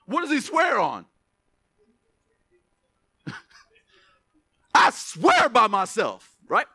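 A man preaching a sermon as pastor, reading verses slowly with emphasis, then dropping into quick asides to the church. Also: very high voice, husky. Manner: animated, stretches scripture words for emphasis, drops to asides.

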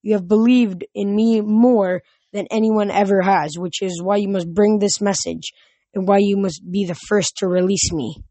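A woman voicing an ancient, fading nature god who speaks slowly and solemnly. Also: medium pitch, steady tone, mellow, no echo, close to an everyday voice. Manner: slow, solemn, forlorn.

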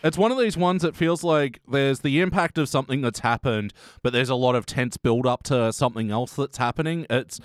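A man's voice: medium pitch, brisk, few pauses, dry recording. A laid-back man who laughs often, chatting casually about a TV episode. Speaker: podcast co-host. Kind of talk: casual chat reviewing a TV episode.

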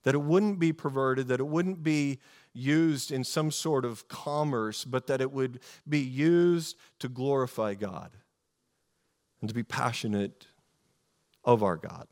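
A man preaching a sermon in a casual, animated storytelling way, with many fillers and restarts. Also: medium pitch, unhurried. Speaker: pastor.

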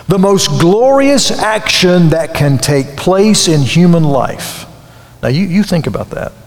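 Guy preaching a sermon, earnest, repeats himself for emphasis, raspy-edged voice, big hall echo. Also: mid-range voice.

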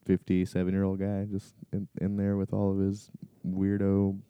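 A man's voice: low voice, monotone, normal speed, clean tone, no room sound, narrow, tinny audio. A young man chatting casually as a podcast guest, laid-back, laughing often and trailing off. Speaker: comedian guest.

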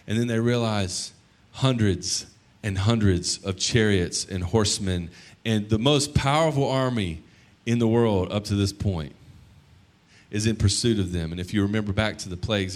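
A man in his thirties, a pastor preaching a sermon, telling the story conversationally and breaking into sudden loud bursts. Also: lowish voice.

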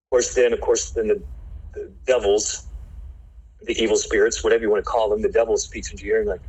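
A man's voice: fairly low pitch, level tone, fast, darkish tone, husky, low-quality recording. A man, a pastor, telling his personal testimony in an earnest, emotional way. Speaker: pastor, guest.

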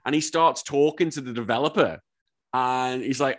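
A man with a Wirral accent hosting a casual chat, telling stories with excited swearing and lively quotes. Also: medium pitch, normal speed. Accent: Wirral, Merseyside. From England. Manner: animated storytelling, swears often, jumps into excited quotes. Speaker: podcast host.

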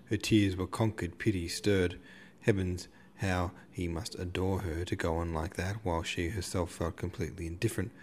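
A man reading a classic novel aloud as an audiobook narrator, in a measured storytelling manner. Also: deep voice, steady tone, slight background noise.

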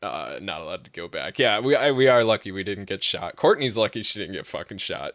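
This storyteller is a young man whose voice sits fairly low with a slightly bright edge, recorded in studio quality with no echo. He spins a meandering, foul-mouthed podcast anecdote, peppered with filler words and "right?", laughing again and again.

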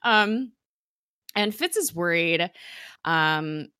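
Woman, lowish voice, casual recap chat, lots of fillers, dry close sound. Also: lively intonation, extremely slow, pushed and bright, clear, resonant tone, no echo. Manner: chatty, filler-heavy, laughs often. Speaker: podcast co-host recapping a TV episode. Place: home office.

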